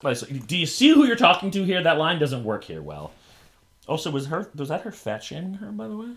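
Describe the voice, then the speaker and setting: A man chatting through a TV episode with a co-host, joking as he goes. His pitch swoops up and down, and he keeps slipping into quoted lines from the show. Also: a little fast. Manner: animated, joking, acts out quotes. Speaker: podcast co-host. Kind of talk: casual TV recap chat.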